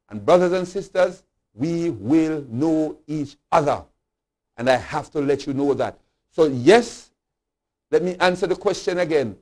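A bishop from Jamaica teaching a Bible study in a sermon style, emphatic and deliberate, rising to loud declarations and dropping low again. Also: male voice. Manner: slow, deliberate preaching cadence with repeated refrains.

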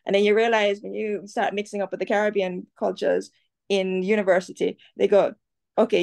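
A woman's voice: medium pitch, vocal fry. A woman from Jamaica with a Jamaican accent, an outspoken cultural commentator talking animatedly as an interview guest. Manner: outspoken, animated, quick to switch into voices. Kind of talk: casual interview chat.

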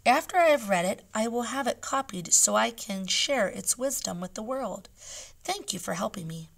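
A woman voicing a kind, wise male caliph in a read-aloud storybook, speaking in a hushed, courteous way. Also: a little high, animated, normal speed, vocal fry, exaggerated voice. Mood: warm. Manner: hushed, gentle, courteous speech.

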